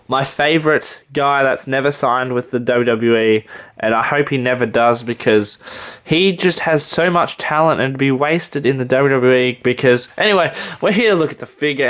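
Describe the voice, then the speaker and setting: An Australian man reviewing action figures in a casual, rambling, excitable way. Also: mid-range voice. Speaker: toy reviewer.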